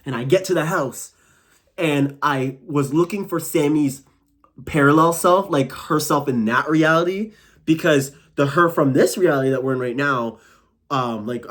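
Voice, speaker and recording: A young man casually telling a long personal story to camera, animated and rambling, full of "like" and "bro". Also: mid-range voice. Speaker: vlogger.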